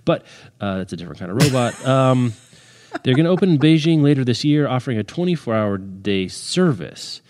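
A man co-hosting a podcast in casual chat, joking and rambling with quick restarts. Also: mid-range voice, very animated, a little mellow. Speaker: podcast co-host.

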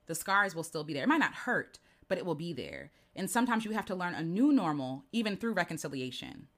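A woman giving a heartfelt, earnest personal talk, speaking gently and often checking in with "right?". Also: fairly low pitch, big pitch swings, a little fast. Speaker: host.

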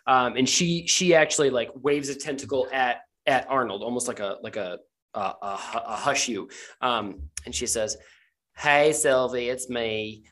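A man's voice: mid-range voice, moderate pace. Laid-back male game master. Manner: relaxed, joking, full of fillers. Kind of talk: narrating a tabletop game.

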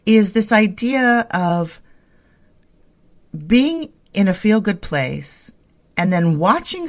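A woman co-hosting a spiritual internet radio show, chatting in a bubbly, gushing way and laughing often. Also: on the low side. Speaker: podcast co-host. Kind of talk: casual spiritual chat.

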